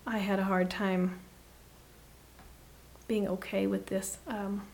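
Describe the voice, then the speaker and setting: A woman guest giving an earnest, reflective faith talk, often dropping to a soft hush. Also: medium pitch, level tone, slow, a little hiss or hum. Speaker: podcast guest.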